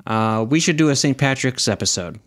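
A young man co-hosts a podcast in a casual chat, joking around and laughing often. His mid-range voice has lively intonation and a fairly quick pace, captured dry with clean studio sound.

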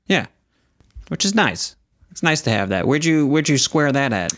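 Young dude podcast host, casual joking chat, laughs a bunch, mid voice. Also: male voice, medium pitch, big pitch swings, moderate pace, a bit bright, no room sound, clean studio sound. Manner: joking, chatty, laughs often.

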